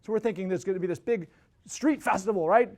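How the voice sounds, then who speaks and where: High-voiced fast-talking man telling stories. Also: a little mellow. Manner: rambling, many restarts and tag questions. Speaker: podcast host. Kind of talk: casual storytelling.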